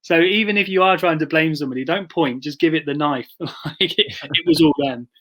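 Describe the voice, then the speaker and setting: A man co-hosting a podcast, telling a self-mocking anecdote in a relaxed, chatty way. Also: fairly high pitch, fairly quick. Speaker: podcast co-host. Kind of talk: casual conversation.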